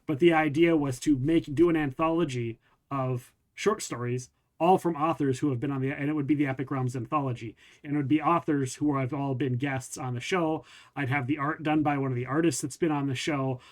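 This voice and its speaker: A man's voice: fairly high pitch, steady tone, a little fast. A man hosting a podcast, chatting casually in a rambling, self-deprecating, jokey way. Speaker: podcast host. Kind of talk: casual chat.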